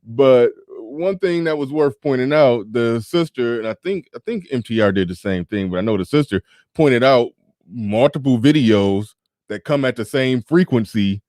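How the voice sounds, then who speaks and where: A man's voice: medium pitch, expressive, normal speed, a little mellow, no room sound, clean studio sound. A man hosting a casual livestream, talking bluntly and profanely with laughs and sarcastic asides while reading viewer super chats. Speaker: livestream show host.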